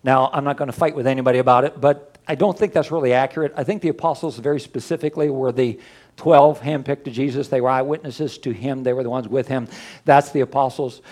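An older man preaching as a pastor, conversational and folksy, with asides and a lively rise and fall. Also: fast. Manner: lively, often rising in pitch and loudness. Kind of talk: sermon.

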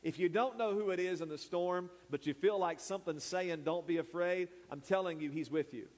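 A man's voice: sits high, a little fast, darkish tone. A man, a pastor preaching a sermon who calls out to the congregation to repeat words after him. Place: church sanctuary. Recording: long hall reverb.

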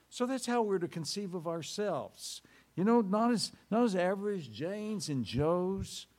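Animated male preacher reading scripture. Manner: dramatic storytelling with sweeping pitch swings. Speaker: pastor. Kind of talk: sermon.

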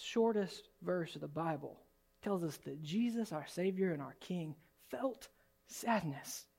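Pastor, male, higher-pitched, animated sermon delivery. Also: a little slow, gravelly, breathy edge. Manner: animated, swings from soft and low to loud and high. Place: church sanctuary.

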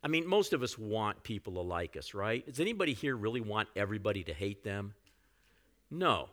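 Bright-voiced man preaching a sermon. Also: fairly low pitch, very animated, fairly quick. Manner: conversational preaching, frequent "you know" asides. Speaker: pastor.

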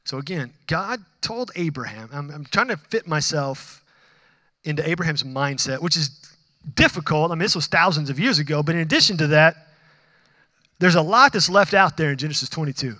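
A man's voice: a little high, a little fast, dry recording, studio quality, in a large hall. A man preaching a sermon as a pastor, talking conversationally, asking the congregation questions and acting out dialogue with God. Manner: acts out dialogue with God in animated bursts.

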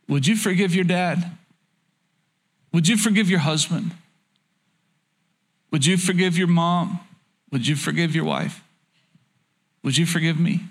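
A middle-aged male pastor preaching a sermon, earnest, dropping to soft low pleading and rising into urgent exhortation. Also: measured pace, pauses often, slightly rough.

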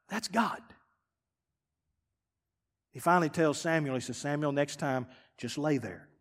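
Emphatic pastor in a reverberant hall. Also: male voice, a little high, unhurried, long pauses. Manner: emphatic preaching with dramatic swings from loud to hushed. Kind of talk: sermon.

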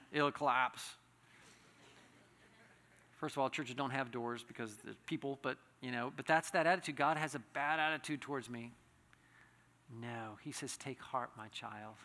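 A male pastor preaches a sermon, his high, bright voice echoing long through the church hall. His delivery is earnest, swelling into passionate pleas, with many restarted phrases.

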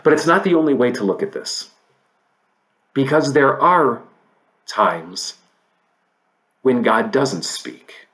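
Male pastor, mid pitch, unhurried sermon delivery with emphatic scripture readings. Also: animated, a bit bright. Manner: preaching, reads scripture aloud, rises to emphatic peaks then drops low.

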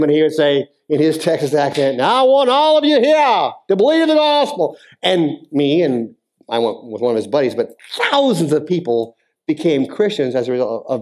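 A male pastor delivers a sermon in a church sanctuary. His voice sits a little high for a man. He shifts between easy, conversational asides and emphatic, almost shouted appeals. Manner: conversational preaching, rising to emphatic near-shouting.

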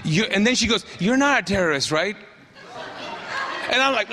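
Man, middle-aged pastor, animated sermon storytelling, sharp tone, long church reverb. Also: high-pitched, fairly quick. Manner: animated storytelling with asides and acted quotes.

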